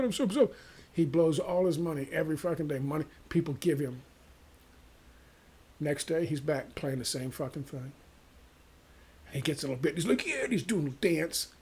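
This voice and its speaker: A man delivering a profane, exasperated, sarcastic rant as a vlogger, with a gravelly voice. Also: fairly high pitch. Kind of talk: ranting monologue to camera.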